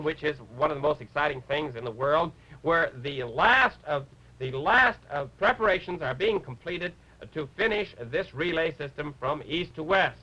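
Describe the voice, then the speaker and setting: A fussy, throat-clearing rabbit lecturer. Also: male voice, fairly high pitch, bright, forceful tone, lo-fi sound. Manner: fumbling, throat-clearing, halting. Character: bumbling male rabbit lecturer, fussy and flustered. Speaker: puppet character on a TV show.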